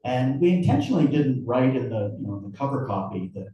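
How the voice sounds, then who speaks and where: A man's voice: medium pitch, very animated, a little fast, distant mic, highs cut off. A man, an author, chatting casually and self-deprecatingly about his novel at a book event. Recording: very echoey room, voice from afar.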